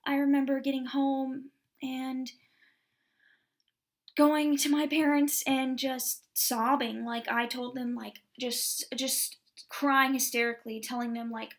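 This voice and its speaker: Vlogger, woman, 20s, from Texas. Slightly high voice with heavy vocal fry. Candid and rambling, lots of "like.". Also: level tone, slow pace. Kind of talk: personal story vlog.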